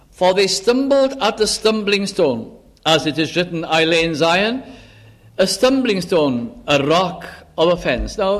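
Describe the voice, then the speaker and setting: A man's voice: a little high, fairly bright tone. A man preaching a sermon, who explains scripture and acts out little dialogues between characters.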